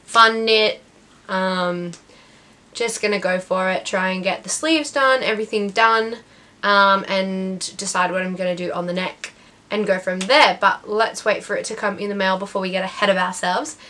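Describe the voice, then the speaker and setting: A young woman talks through her knitting projects in a loose, rambling chat. She fills her sentences with ums and starts over mid-thought, and her voice sits at an ordinary middle pitch. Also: fairly even intonation, normal speed, sharp tone. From Australia. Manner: chatty and rambling, many ums and restarts. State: has the hiccups. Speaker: knitting podcast host. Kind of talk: casual chat.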